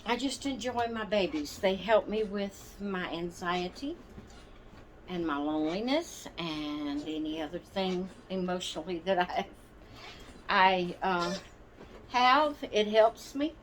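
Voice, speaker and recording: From a rocking chair at home, a woman with a lowish, expressive voice addresses her doll channel's viewers. Her talk is casual, slow, and rambling, full of apologies and hesitant searches for words. Some hiss or hum can be heard.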